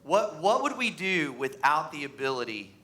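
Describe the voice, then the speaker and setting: Bright-voiced man preaching a sermon. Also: moderate pace. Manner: animated, acts out voices, pitch rises on mocking lines. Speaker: pastor. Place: church sanctuary.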